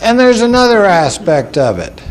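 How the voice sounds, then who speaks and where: A man's voice: sits high, huge pitch swings, moderate pace, soft background music. A man telling folksy, humorous stories to an audience, mocking himself with a dry wit. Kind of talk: storytelling talk to an audience.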